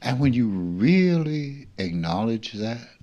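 A man in his seventies from rural Mississippi, giving an earnest, reflective spiritual talk as a teacher who sometimes drops to a near-hush. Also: mid-range voice, very animated, slow pace, highs cut off. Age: 70s.

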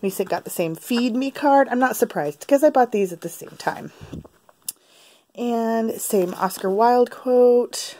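A woman's voice: fairly high pitch, a little slow, dark tone. A young woman vlogging a casual unboxing at home, laughing often and swearing freely, recorded on a camera on a tripod. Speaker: book vlogger.

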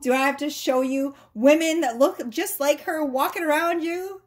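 A woman voicing an exasperated spirit guide who bluntly scolds a listener in a loud, teasing tone. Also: high-pitched, moderate pace, close to an everyday voice. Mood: exasperated scolding.

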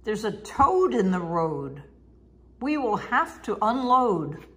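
A woman's voice: a little high, big pitch swings, takes it slowly, fairly bright tone, heavily acted. A woman voicing a fussy male bus driver in a storybook read-aloud.

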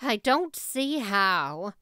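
A woman voicing a stern older female guardian who talks in a slow, dry, skeptical way. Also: medium pitch, sing-song, pushed and bright, smooth, dry recording, exaggerated voice.

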